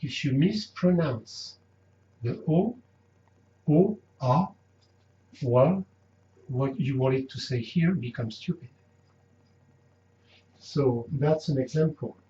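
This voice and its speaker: A man teaching a language lesson, speaking slowly and carefully and repeating words to drill pronunciation. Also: medium pitch, warm tone. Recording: roomy, dull lo-fi with faint noise.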